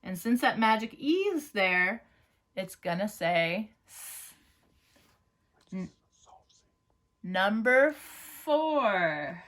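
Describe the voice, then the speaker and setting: A woman teacher leads an online phonics and dictation lesson at a notably slow, unhurried pace. Her pitch sits in an ordinary middle range. She stretches out each word and checks in with "right?" and "okay?". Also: lively intonation, a bit bright.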